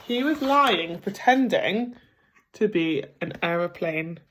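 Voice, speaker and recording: A woman teacher reading a picture book aloud to children at a gentle pace, pausing to ask them questions. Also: fairly low pitch, lively intonation, a little hiss or hum. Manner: gentle, slow, asks the listeners questions. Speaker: primary school teacher. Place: home.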